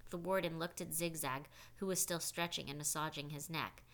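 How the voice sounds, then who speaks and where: Woman audiobook narrator, low pitch, bright tone, steady. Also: moderate pace.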